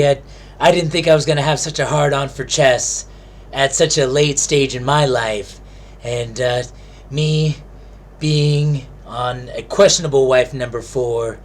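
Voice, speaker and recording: A man's voice: medium pitch, a little hiss or hum, close to an everyday voice. A man playing an aging, much-married morning show co-host who rambles hesitantly.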